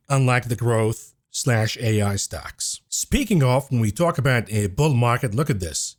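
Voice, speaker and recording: Man giving brisk, emphatic market commentary. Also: mid-range voice. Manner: brisk, emphatic, talks through charts. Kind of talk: scripted-sounding market commentary.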